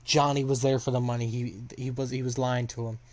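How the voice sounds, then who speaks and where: A man's voice: mid-range voice, little pitch movement, fairly quick, a little mellow. Rambling young man recapping a story. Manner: rambling, filler-heavy.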